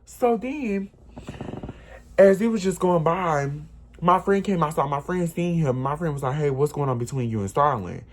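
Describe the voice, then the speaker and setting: A man casually telling a personal story, animated and emphatic, often repeating himself. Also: fairly high pitch, normal speed. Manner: animated, repetitive, emphatic retelling.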